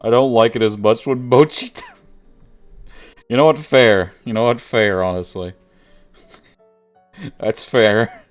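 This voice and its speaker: A man's voice: mid-range voice, slow pace, pauses often, faint music behind. A man streaming a visual novel, reading the story aloud and chatting casually with viewers, laughing often.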